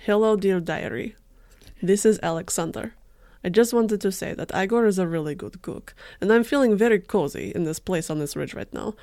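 A woman's voice: medium pitch, moderate pace, dark tone, dry recording, studio quality, close to an everyday voice. A woman voicing a cheeky male Russian hiker reading his diary aloud in a put-on Russian accent, smug and mock-earnest.

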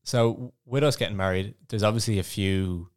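Low-voiced Irish man, casual podcast chat. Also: normal speed, smooth. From Ireland. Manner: laughing, swearing, storytelling. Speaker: podcast co-host.

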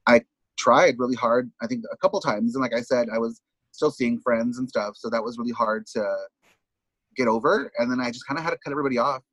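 A man's voice: medium pitch, quick pace, a bit bright, dry recording. A man who is a drag performer, the podcast's guest, telling his story candidly in casual talk that is full of swearing. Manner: casual, swears freely, acts out quotes of others.

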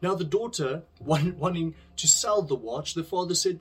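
A man's voice: fairly high pitch, normal speed, few pauses, husky. A man giving an earnest, conversational devotional talk, telling a parable and then drawing a lesson from it. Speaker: speaker sharing a devotional message.

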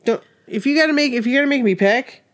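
A woman's voice: sits high, fast talker. Woman, middle-aged, podcast co-host, chatty, laughs a lot, casual. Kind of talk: casual chat.

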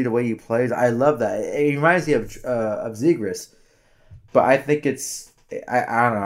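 A man co-hosting a casual hockey podcast, rambling with many halting restarts. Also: mid-range voice. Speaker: podcast co-host. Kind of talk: casual sports chat.

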